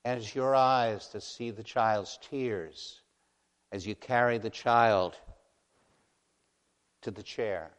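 A man preaching a sermon, moving between hushed, slow passages and loud, impassioned warnings. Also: fairly low pitch. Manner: dramatic, swings from hushed to impassioned. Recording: long hall reverb.

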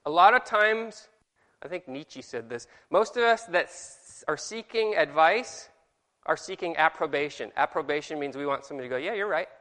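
A man teaches a Bible class in a casual, self-deprecating way, and his voice sits a little high for a man. He leans hard on the inflection whenever he reads a verse aloud. The sound rings with a long hall reverb. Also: expressive, normal speed, pushed and bright.

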